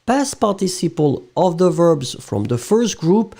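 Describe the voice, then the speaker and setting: A man with a French accent and French as his first language runs a live-streamed French lesson. His voice is warm and mellow, a little high for a man, and his pitch swings widely and lively. He keeps it playful and chatty, checking in with the class constantly. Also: a little slow, gravelly. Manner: playful, chatty, checks in often with "d'accord?" and "huh?". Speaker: French teacher.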